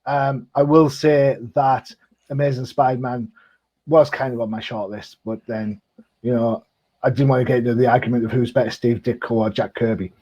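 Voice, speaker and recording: A man's voice: mid-range voice, steady tone, moderate pace, dark tone, lo-fi sound. A man, co-hosting a casual comic book chat show, talkative and jokey with frequent ums. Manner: chatty, jokey, lots of ums. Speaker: comic podcast co-host.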